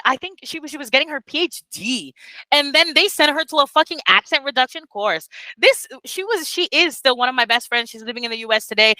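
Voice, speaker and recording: A woman with a high, pushed, bright voice coaches new teachers in a relaxed online session from Brazil. She's blunt, emphatic and profane, code-switching into Portuguese phrases, and the audio is poor, with no room sound.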